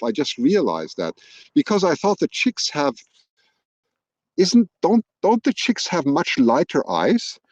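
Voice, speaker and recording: Outdoors on a hilltop, a man hosts a live wildlife stream, chatting casually and thinking aloud with frequent restarts. His voice is fairly high and a little mellow, picked up by an external microphone at a laptop in a dry, lo-fi recording.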